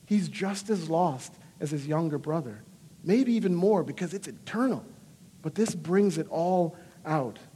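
High-voiced male pastor preaching in a hall. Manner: earnest, animated preaching with dramatic quoted voices. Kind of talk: sermon.

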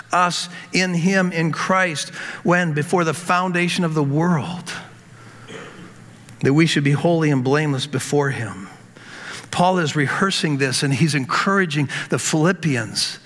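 A man's voice: sits high, pushed and bright. A male pastor preaching a sermon with emphatic repetition, speaking to the congregation as folks. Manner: emphatic, repeats words, addresses congregation as folks. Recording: long hall reverb.

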